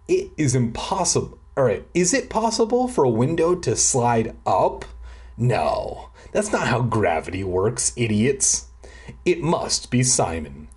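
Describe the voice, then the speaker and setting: A man reads a kids' spooky chapter book aloud and mocks the text as he goes. His voice is husky and breathy, his pace slow, and his pitch swings widely between dry asides and big dramatic lines. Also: a little mellow. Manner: sarcastic asides mocking the text. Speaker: reader. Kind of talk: comic drunk read-aloud of a kids' horror book. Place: at home.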